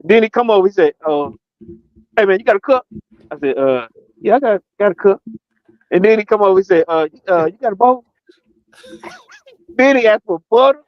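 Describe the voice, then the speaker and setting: Male co-host, lively raconteur, bright high pitch, dry lo-fi audio. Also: normal speed, pauses often, no echo. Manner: animated storyteller, acts out quotes, laughs often. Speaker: podcast co-host. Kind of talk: casual storytelling chat.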